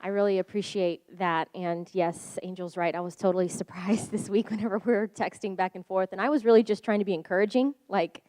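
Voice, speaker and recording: A woman's voice: mid-range voice, fairly even intonation, fairly quick, few pauses, darkish tone, no echo. A woman talking casually to a Sunday gathering on a handheld mic, chatty and loose. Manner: chatty, many fillers and restarts. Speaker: co-speaker at a Sunday service. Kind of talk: casual talk to a congregation.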